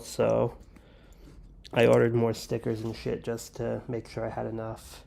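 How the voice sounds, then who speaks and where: A man's voice: mid-range voice, flat delivery, measured pace, creaky, a little mellow. A man hosting a livestream, chatting casually and joking while he builds. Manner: rambling, joking, talks while handling pieces. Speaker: livestream host.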